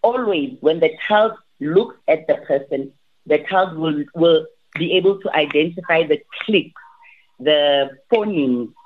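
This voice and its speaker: A woman, a language teacher, giving advice in an interview, animated and often restarting her sentences. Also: low voice, measured pace. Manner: animated, repeats and restarts, acts out quotes. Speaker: language academy teacher, guest. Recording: tinny phone-like line.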